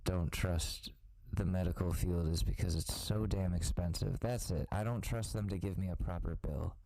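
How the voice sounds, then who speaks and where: A man co-hosts a loose, comedic podcast chat, riffing and tossing in quick put-on voices. His voice sits low and mellow, with a relaxed warmth. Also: gravelly, no echo, poor audio. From part Korean family. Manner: jokey, slips into silly put-on voices. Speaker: podcast co-host.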